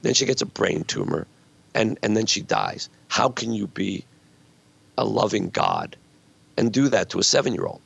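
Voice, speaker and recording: A man's voice: on the low side, wildly swooping pitch, normal speed, vocal fry, fairly bright tone, husky, no room sound. A man in his sixties, a guest author telling stories earnestly and reflectively in a conversational interview. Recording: dull lo-fi sound.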